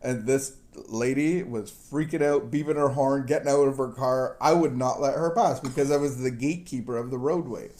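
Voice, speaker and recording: A man's voice: medium pitch, normal speed, hardly any pauses, warm tone. A man hosting a recovery talk show, telling stories in a rambling, self-deprecating way with chuckles and restarts. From missionary kid raised partly in Southeast Asia. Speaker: recovery podcast host. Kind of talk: casual conversational storytelling.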